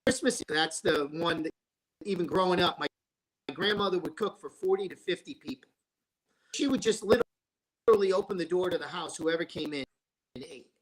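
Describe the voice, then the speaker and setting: A high-voiced man speaks at a moderate pace with long pauses, recorded roughly. As a talk show guest, this sports broadcaster and former restaurateur chats casually, wandering through stories and often beginning his sentences again.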